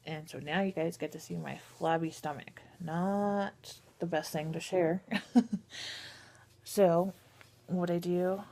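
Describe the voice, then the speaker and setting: A woman's voice: on the low side, steady tone, slow, creaky, warm tone. A woman vlogging casually and candidly, hesitant and full of ums, walking viewers through her daily routine. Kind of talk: casual personal vlog.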